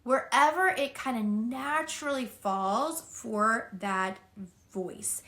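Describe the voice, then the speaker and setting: A woman's voice: high voice, lively intonation, slow, fairly bright tone. A woman giving a singing lesson, encouraging and demonstrating spoken and sung phrases. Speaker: singing teacher. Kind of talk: vocal lesson to camera.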